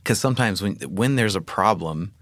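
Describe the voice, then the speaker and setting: A man's voice: on the low side, expressive, normal speed, a bit bright, no echo. A man co-hosting a podcast, talking in a reflective, musing way in casual conversation. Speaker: podcast co-host.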